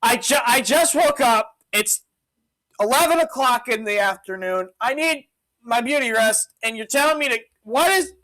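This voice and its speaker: A man's voice: very high voice, expressive, normal speed, sharp tone, heavily acted, low-quality recording. A man voicing a hungover, fed-up male Roman governor who rambles and begs to be left alone. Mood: exasperated.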